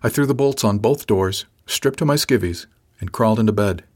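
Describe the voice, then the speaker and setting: A man narrating a first-person science fiction audiobook in a measured, even storytelling manner. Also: lowish voice.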